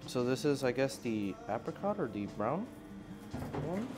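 A man vlogging in an indoor animal cafe, talking into a handheld phone and coaxing the animals in an excited, playful voice. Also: medium pitch, measured pace, over music. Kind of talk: casual vlog talk. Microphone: handheld phone camera.

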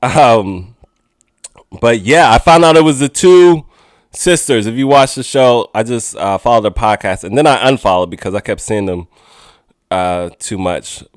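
A man's voice: mid-range voice, unhurried, no room sound, clean studio sound. A young man hosting a podcast, talking alone in a goofy, rambling way and laughing often. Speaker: podcast host. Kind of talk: casual solo monologue. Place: outdoors in the city with sirens.

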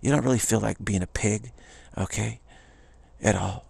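A man's voice: lowish voice, moderate pace, vocal fry, a little mellow, breathy edge, dry recording. A man giving an informal spiritual talk in a rambling, repetitive way, often slipping into quoted voices. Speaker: spiritual teacher.

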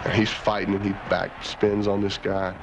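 Gravelly low-voiced man telling a game story. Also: moderate pace. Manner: animated storytelling, quotes himself and teammates. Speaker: quarterback interviewed about a game. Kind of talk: reflective interview storytelling. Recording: slightly muffled with background noise.

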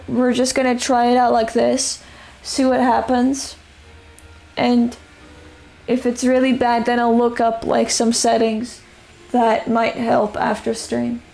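A young woman live-streaming a game, chatting to herself and a friend in a rambling, casual way with the odd swear. Her voice sits on the higher side yet is rough with vocal fry, and it is wearing hoarse. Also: little pitch movement, unhurried, a little mellow. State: voice going hoarse. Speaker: streamer playing a survival game.

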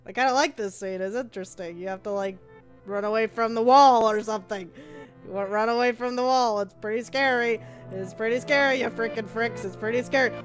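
A woman hosting a let's play, excitable and shrieking at jump scares. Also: on the high side, a little fast, faint music behind. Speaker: gaming channel host.

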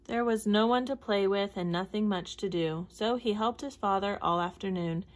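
A woman reading a children's picture book aloud in a clear, measured storytelling voice. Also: mid-range voice. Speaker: storybook reader.

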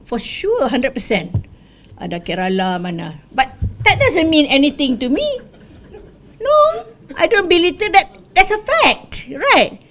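Older high-voiced Malaysian woman, ex-politician speaking at a business school, lively and blunt, mixing English and Malay. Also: measured pace. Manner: animated, mixes English and Malay. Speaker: guest speaker, former MP. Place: studio.

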